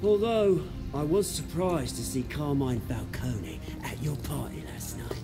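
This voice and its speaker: A man's voice: a little high, big pitch swings, unhurried, over music. An actor with a British accent playing a brash, resentful young man who has lost his family fortune, in a video game. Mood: scornful. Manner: swaggering, resentful, theatrical.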